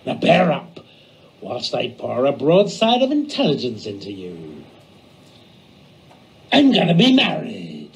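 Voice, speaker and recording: A man's voice: mid-range voice, wildly swooping pitch, slow, long pauses, pitched below the performer's own voice, exaggerated voice. A man voicing a scheming old sea smuggler in a model theatre play, full of salty nautical talk.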